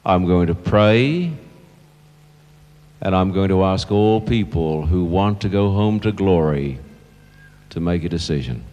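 Deep-voiced older pastor in a reverberant hall. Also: male voice, expressive. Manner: earnest, slows and softens at emotional moments. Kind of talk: sermon storytelling. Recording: long church reverb.

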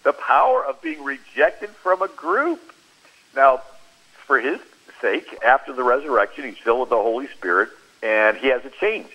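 A man giving a Christian talk on a radio show, telling stories in an animated way and acting out the quoted lines. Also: medium pitch, moderate pace, muffled recording. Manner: animated storyteller who acts out quoted speech. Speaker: Christian speaker.

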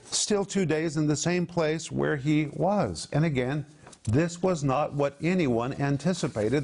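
A man teaching the Bible, explaining Greek word meanings and slowing down to stress the verses he quotes. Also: a little high, a little mellow. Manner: emphatic, slows down to stress scripture quotes.

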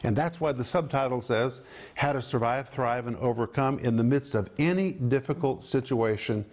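An older man hosts a televised Bible teaching with an earnest, emphatic delivery. His voice sits at an ordinary middle pitch. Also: moderate pace, a little mellow. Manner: earnest, emphatic, urging viewers.

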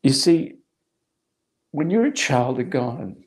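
A man's voice: mid-range voice, very animated, slow pace. A middle-aged man preaching a sermon, telling a personal testimony with emphatic repetition. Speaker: pastor.

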